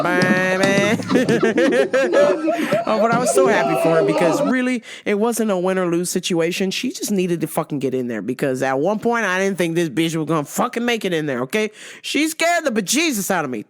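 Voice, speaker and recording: Woman host, casual profane recap chat, very animated pitch. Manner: animated, swears constantly, laughs often. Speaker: show host.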